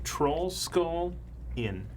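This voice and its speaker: A man narrating a tabletop game as dungeon master, pausing often with fillers. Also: fairly high pitch, sing-song, a little mellow, slight background noise. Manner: halting, many fillers.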